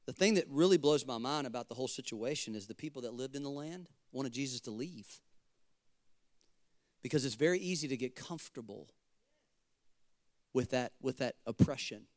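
A man's voice: medium pitch, expressive, moderate pace, pauses often, dry recording, clean studio sound. A male pastor preaching a sermon, fervent and emphatic, with casual asides to the congregation.

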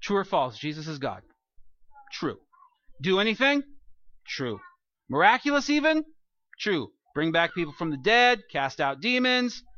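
A man preaching a sermon as pastor, animated, asking rhetorical questions and acting out quoted voices. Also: high voice, measured pace, pauses often, no room sound, muffled recording.

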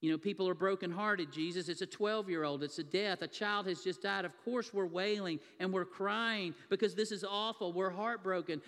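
A man's voice: sits high, moderate pace, hardly any pauses, a bit bright. A man preaching a sermon, telling a scripture story vividly to his congregation. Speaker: pastor. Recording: long hall reverb.

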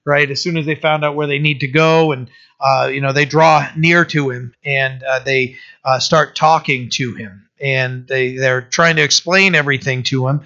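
Pastor guy talking thru a bible passage, lots of uhs, bright voice, kinda muffled recording. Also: mid-range voice, steady tone. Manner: conversational, many fillers and restarts, reads scripture aloud slowly. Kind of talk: sermon, informal Bible teaching.

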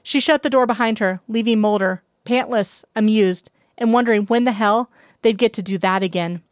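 Woman, story narrator, steady reading, mid pitch, dry sound. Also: moderate pace, no room sound. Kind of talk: reading fan fiction aloud.

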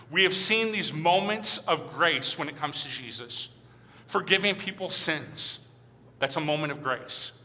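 A middle-aged man preaching in a church, his voice very bright and fairly high. He reads scripture and then presses his points with emphatic stresses. A long reverb trails each phrase. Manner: earnest, rising to emphatic stresses. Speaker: minister. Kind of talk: sermon with scripture reading. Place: church sanctuary.

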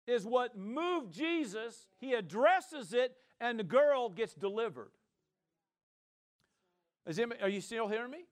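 High-voiced male pastor preaching conversationally. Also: animated, takes it slowly. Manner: conversational, keeps checking the listeners. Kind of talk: sermon.

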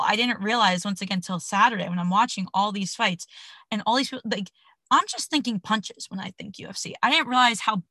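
A young woman hosts a podcast in a loose, chatty way, full of slang and big dramatic reactions. Her voice is bright and forceful. It sounds dry and close, with no room echo. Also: medium pitch. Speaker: podcast host. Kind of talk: casual chat.

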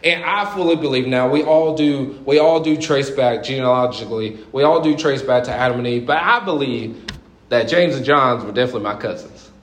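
A man's voice: mid-range voice, a little fast, reverberant, low-quality recording. A man preaching a sermon, telling stories with humor and acting out quoted lines. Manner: animated storytelling with jokes and acted-out quotes. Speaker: pastor.

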